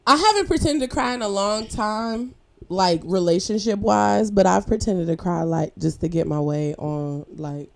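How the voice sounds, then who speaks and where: A young adult woman hosting a podcast in casual chat, blunt and profane and quick to laugh. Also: mid-range voice, vocal fry. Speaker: podcast host.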